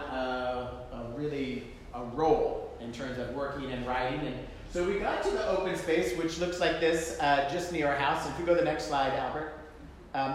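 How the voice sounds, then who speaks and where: A man preaching a conversational sermon, telling a self-deprecating personal story with frequent fillers and asides. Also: fairly high pitch. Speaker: pastor. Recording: echoey hall, faint room noise.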